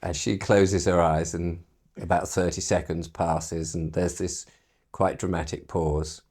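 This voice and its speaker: A middle-aged British man telling a story in casual chat, slightly low in pitch. He laughs often and slips into voices to act out what people said. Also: a little slow, breathy edge. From Britain. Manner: animated storyteller, laughs often, acts out quotes. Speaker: broadcaster being painted.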